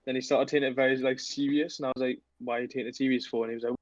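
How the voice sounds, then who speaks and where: Young man, podcast co-host, lowish voice, rambly delivery, dry and dull lo-fi recording. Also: flat delivery, no echo. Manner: halting, loose, full of fillers. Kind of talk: casual storytelling chat.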